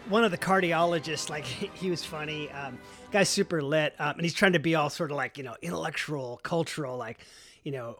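A man's voice: a little high, bright, forceful tone. A man telling a long personal story in a casual, profane way, full of "like" and "you know". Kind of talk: first-person storytelling monologue.

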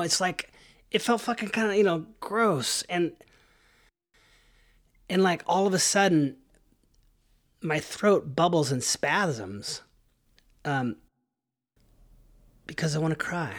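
A man's voice: fairly high pitch, takes it slowly, pauses often, fairly bright tone. A man telling a personal story in a casual, profane way, full of likes and you-knows.

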